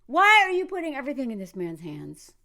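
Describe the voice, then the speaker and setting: A woman with a high voice talks through a film in a casual commentary vlog. She is animated and sarcastic, slipping in and out of acted quotes as she goes. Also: a little fast.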